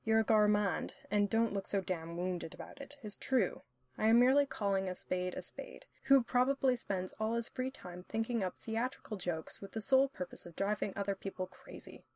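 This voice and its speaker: A woman's voice: medium pitch, a little mellow, no room sound, natural voice. A woman reading a wry, teasing young man. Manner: wry, quick teasing banter. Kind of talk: audiobook-style story reading.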